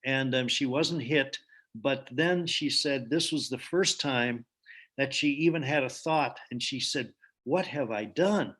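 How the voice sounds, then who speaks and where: A man's voice: medium pitch, a little slow, bright, forceful tone. A man giving a storytelling talk in an earnest way, with frequent ums and restarts. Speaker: speaker.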